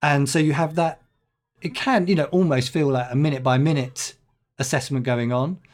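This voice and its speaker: A middle-aged headteacher answers podcast interview questions thoughtfully and in a measured way, often saying "um" and restarting his sentences. His voice is on the high side and steady in tone.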